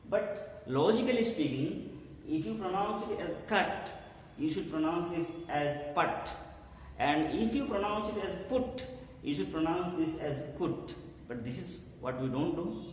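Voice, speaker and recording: A man teaching an English lesson who explains slowly, spells out letters and pauses often with "uh". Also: on the high side, slight background noise. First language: not English. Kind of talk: classroom-style lesson. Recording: echoey hall, voice from far off.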